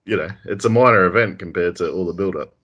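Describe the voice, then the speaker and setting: A man's voice: deep voice, fast talker, fairly bright tone, dull audio. A man co-hosting a podcast in casual chat, talking loosely with lots of fillers and restarts. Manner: chatty, with filler likes and self-corrections. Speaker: podcast co-host.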